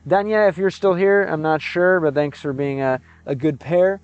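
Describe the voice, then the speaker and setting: Man slowly sounding out Russian words. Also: fairly high pitch, clear, resonant tone, muffled recording. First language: English. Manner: sounds out Russian words haltingly, thinking aloud. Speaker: streamer. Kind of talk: casual live-stream chat.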